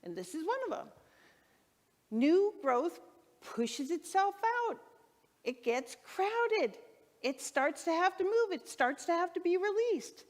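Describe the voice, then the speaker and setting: A woman minister preaching a sermon, telling stories with enthusiasm and lively shouts. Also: extremely high pitch, slow, long reverb tail. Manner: enthusiastic storytelling, acts out her own excited shouts. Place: church hall. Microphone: handheld microphone.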